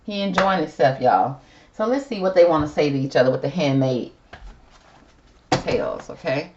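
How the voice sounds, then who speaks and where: A woman's voice: low voice, animated, moderate pace, lo-fi sound, background noise. A woman doing a casual tarot reading, chatty and sassy, calling viewers girl and y'all. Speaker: tarot reader.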